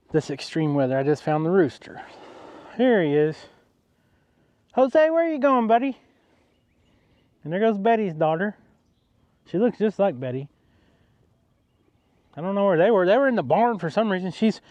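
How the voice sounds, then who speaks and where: Man, easygoing farm vlogger, high voice, dry outdoor sound. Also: darkish tone, smooth, no room sound. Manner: easygoing, chatty, talks to his animals. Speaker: farmer, vlogger. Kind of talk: casual farm vlog.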